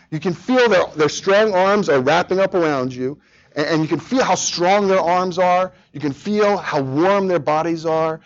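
Animated man preaching a sermon. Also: sits high, lo-fi sound. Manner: animated, speaks directly to children. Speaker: pastor.

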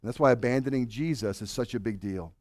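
A married man preaching a sermon to his congregation, swinging from loud urging to hushed, earnest questions. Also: mid-range voice, quick pace, dry recording. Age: adult, married with children. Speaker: pastor.

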